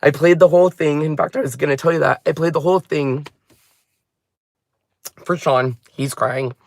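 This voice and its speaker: A man hosting a crafting channel, telling a personal story in a halting, heartfelt way. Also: fairly high pitch, fairly even intonation, gravelly.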